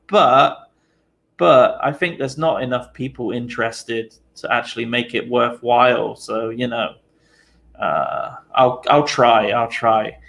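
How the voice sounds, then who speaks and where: Young male streamer from the UK: slow, gravelly, tired, casual and chatty. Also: mid-range voice. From United Kingdom. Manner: relaxed, chatty, many fillers, laughs easily. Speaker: live stream host. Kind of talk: casual live-stream chat.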